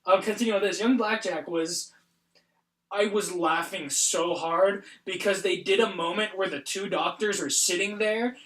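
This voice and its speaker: High-voiced young man retelling animatedly. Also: moderate pace. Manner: animated retelling, many fillers. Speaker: podcast host. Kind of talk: casual chat. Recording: roomy echo.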